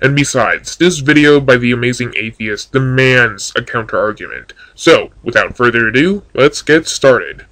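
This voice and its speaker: A man's voice: medium pitch, lively intonation, normal speed, few pauses, a bit bright, low-quality recording. A man giving casual commentary on a video, answering its claims in a dry, sarcastic way. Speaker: YouTube commentator.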